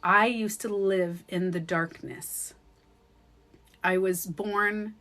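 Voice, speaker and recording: A woman's voice: on the low side, slow, a bit bright. A woman talking casually and emotionally to her livestream viewers, emphatic, swearing now and then, often checking in with "okay?". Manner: addresses viewers by name. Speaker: spiritual vlogger.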